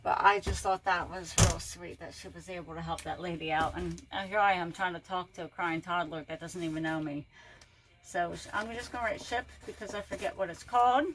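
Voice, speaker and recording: A woman's voice: fairly low pitch, steady tone, brisk, rough recording. A woman reseller chatting casually and telling rambling stories while she packs orders. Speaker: reseller vlogger. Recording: loud background noise.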